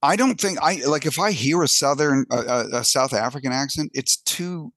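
A man's voice: fairly high pitch, moderate pace, a bit bright, no echo. A man co-hosting a podcast in casual chat, hesitant and self-doubting, restarting his sentences often. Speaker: podcast co-host.

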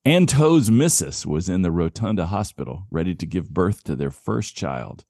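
Deep-voiced rambling man in casual chat. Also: expressive, moderate pace, warm tone, no room sound, clean studio sound. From Southern California. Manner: rambling, lots of "you know" fillers. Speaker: podcast co-host.

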